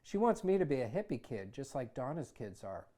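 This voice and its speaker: A man who hosts a show, reading his own memoir aloud in a conversational, wry way that gets animated in heated passages. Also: mid-range voice, fairly quick. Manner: conversational, wry, animated when retelling anger. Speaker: author and host.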